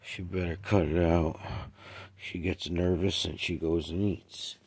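Slow, gravelly, sick man at home. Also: little pitch movement, darkish tone. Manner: coos to his cats in a raised voice, then mutters low. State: sick and short of breath. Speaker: cat owner filming his pets. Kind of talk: casual home video chat. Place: at home with his cats.

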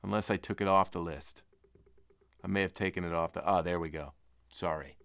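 This man, a polka band leader, hosts a relaxed weekly home live stream in an upbeat, playful manner, breaking into sudden jumps in pitch and loudness. His tone is clear and resonant, his pace fairly quick, and his intonation fairly even.

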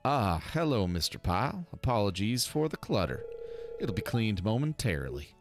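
Man doing a game Southern gentleman: courteous librarian, slow drawl, gentle. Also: fairly low pitch, big pitch swings, faint music behind. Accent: American Southern.

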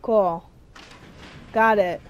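A woman's voice: mid-range voice, steady tone, extremely slow. A young woman giving exasperated let's-play commentary while she plays, talking back to the game. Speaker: gameplay streamer.

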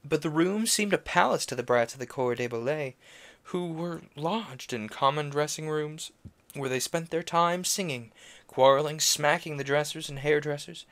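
His voice sits a little high, with a fairly bright tone and moderate pace, as he reads a classic novel aloud for a stream. French names trip him up and he corrects himself, slipping in brief offhand comments between passages in relaxed read-aloud fashion.

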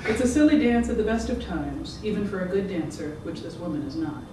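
An author giving a measured, rhythmic public reading of their own fiction. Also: mid-range voice, expressive. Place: event room. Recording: echoey room, distant mic, background noise.

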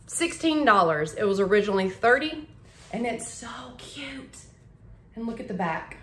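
A woman's voice: mid-range voice, very animated, normal speed, fairly bright tone. A woman chatting casually to camera, gushing about things she bought and tripping over her words. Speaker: vlogger showing a shopping haul. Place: home living room. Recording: echoey room.

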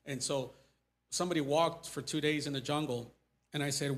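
A man's voice: on the high side, fairly even intonation, normal speed. A man speaking as a missionary at a church, telling stories loosely with many fillers and restarts. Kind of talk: church testimony talk.

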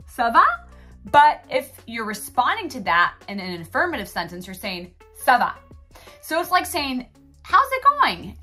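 A woman who is a native French instructor gives an upbeat, expressive lesson. Her voice sits high and bright, and it rises and falls a lot as she models phrases. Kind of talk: online language lesson.

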